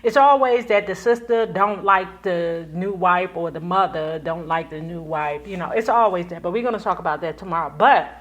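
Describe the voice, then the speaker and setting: A woman's voice: fairly low pitch, moderate pace, hardly any pauses, dull audio. A woman hosting a casual commentary video, talking to her viewers in a chatty way with slightly slurred speech from a retainer. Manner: chatty, addresses viewers as y'all. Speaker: YouTube commentary host. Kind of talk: casual chat.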